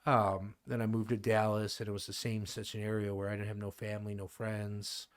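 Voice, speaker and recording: A man's voice: lowish voice, level tone, moderate pace. A man in his thirties from the Midwest with a Midwestern accent, chatting casually as a podcast guest and rambling with lots of fillers and restarts. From American Midwest. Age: 30s. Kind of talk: casual conversation.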